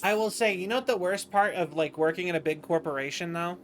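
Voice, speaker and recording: A weary man yawns through a late-night livestream, chatting casually while rambling and interrupting himself. He talks fast in a high voice over soft background music.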